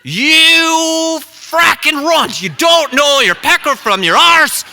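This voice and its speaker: A man voicing a foul-mouthed, bullying young Irish tough in a put-on Irish accent during a live story, shouting insults. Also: very high voice, animated, slow, creaky, in a large hall, pitched above the performer's own voice, exaggerated voice. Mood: scornful. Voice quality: loud, jeering, shouting insults.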